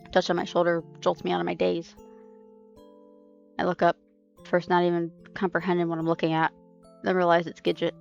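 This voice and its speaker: A woman reading a dark first-person story aloud on a stream, intense and halting, with restarts. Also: lowish voice, completely flat delivery, vocal fry, lo-fi sound, soft background music. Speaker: reader. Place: home streaming setup. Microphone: streaming mic.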